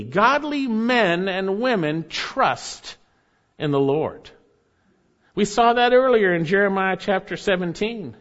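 A man's voice: sits high, lo-fi sound. A man preaching a sermon in an earnest, emphatic way, often repeating his phrases. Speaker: pastor.

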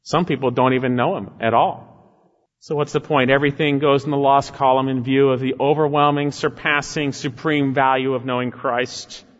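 A man preaching an expository sermon, emphatic, rising on key phrases and sinking low and slow at the end of a thought. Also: steady tone. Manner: emphatic, swells in pitch and volume on key phrases, drops low and slow at line ends. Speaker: pastor. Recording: muffled sound with long hall reverb.

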